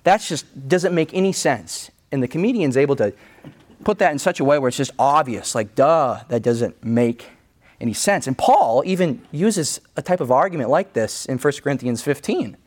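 A man's voice: mid-range voice, animated, normal speed. A male pastor preaching a sermon in a conversational way, often restarting his phrases as he thinks aloud.

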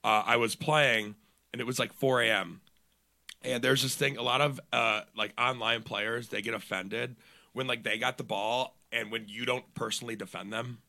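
Bright-voiced profane young comedian. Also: male voice, medium pitch, fairly even intonation, moderate pace, gravelly. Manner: profane, rambling storyteller full of fillers. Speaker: comedian guest. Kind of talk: casual podcast chat.

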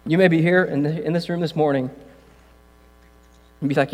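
A male pastor giving a casual sermon, talking conversationally with jokey asides and building to loud, passionate preaching. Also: on the high side, steady tone, normal speed, pauses often. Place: church room. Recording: long hall reverb, mains hum.

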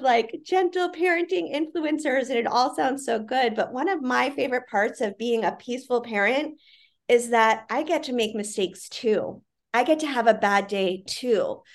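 A woman with a bright, higher voice speaks earnestly and reflectively as a guest in a conversational interview, using frequent fillers. She is the CEO of a parenting institute.

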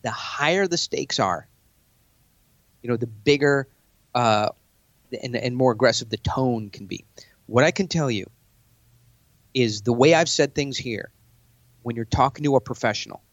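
Brash, animated man telling business stories. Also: unhurried, long pauses, no echo, highs cut off. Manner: brash, animated, acts out sales pitches. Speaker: business speaker, podcast guest. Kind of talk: casual chat.

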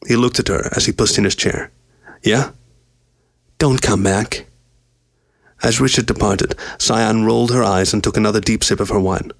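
A man narrating a story in an audiobook reading, steady and measured. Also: on the low side, vocal fry, no room sound. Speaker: reader.

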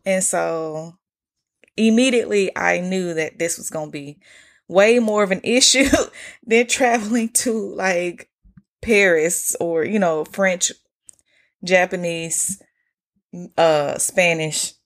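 Gravelly chatty Atlanta woman. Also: lowish voice, slow pace, pauses often. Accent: Atlanta Southern. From United States. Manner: candid, chatty, swears freely, slangy. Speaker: podcast host. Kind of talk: casual solo podcast storytelling.

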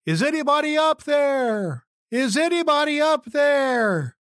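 A man's voice: sing-song, normal speed, fairly bright tone, full character voice. A man doing a frantic stranded hiker. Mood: desperate. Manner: frantic high-pitched pleading calls. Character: panicked stranded male hiker dangling off cliff.

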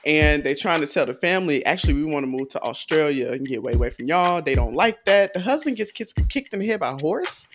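A woman's voice: low-pitched, lively intonation, fast, few pauses, a little hiss or hum. A woman co-hosting a podcast, retelling a film plot in a laid-back, colloquial way with frequent laughs. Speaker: podcast co-host. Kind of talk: casual podcast chat.

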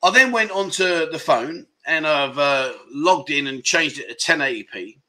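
A man's voice: a little high, expressive, moderate pace, bright, forceful tone. Chatty man rambling on a phone livestream. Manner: rambling, chatty, reads out viewer comments. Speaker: livestream chat show host. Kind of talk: casual livestream chat. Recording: live stream from a mobile phone.

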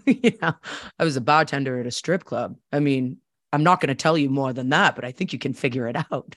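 A woman's voice: low voice, normal speed, no room sound. Boston woman chatting about her life, candid, plays out the convos, dry close sound. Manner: candid, chatty, acts out quoted dialogue. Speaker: podcast host. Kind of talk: personal storytelling.

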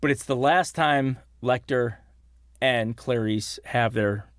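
A man's voice: medium pitch, slow, no echo, clean studio sound. A man in his forties, a podcast co-host, eagerly retelling film scenes in casual chat. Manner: animated storyteller, retells scenes with excitement.

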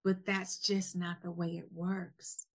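A woman's voice: on the low side, level tone, takes it slowly. A woman hosting an interview podcast, listening closely and speeding up when she makes a point. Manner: attentive, responsive, speeds up when making a point. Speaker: podcast host. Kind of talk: casual conversational interview.

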